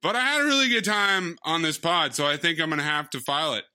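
A man's voice: a little high, quick pace, pushed and bright. A man co-hosting a podcast, joking and self-deprecating in a casual movie review chat. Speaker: podcast co-host.

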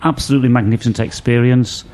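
A man's voice: mid-range voice, fairly even intonation, quick pace, a little mellow. A tired middle-aged man on a football panel, telling his trip story with enthusiasm. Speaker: podcast panelist. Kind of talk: casual football chat.

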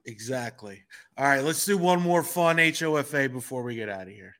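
A man's voice: medium pitch, expressive, normal speed, a bit bright. A man hosting a podcast in casual chat, wry and chatty with hesitant asides. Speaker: podcast host.

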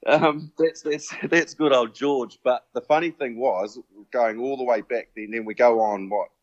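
A man, a former rugby player, telling an animated anecdote and acting out the dialogue. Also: medium pitch, unhurried, no echo, dull audio. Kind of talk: casual anecdote.

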